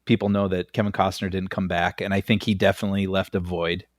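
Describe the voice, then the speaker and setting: A man co-hosting a film podcast in casual chat, giving measured opinions and laughing easily. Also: low-pitched, little pitch movement, no room sound, clean studio sound. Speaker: podcast co-host.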